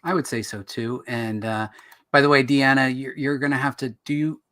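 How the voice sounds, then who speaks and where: A man's voice: mid-range voice, steady tone, moderate pace, a bit bright. A man hosting a casual interview who eagerly jumps in with questions and observations. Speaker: host.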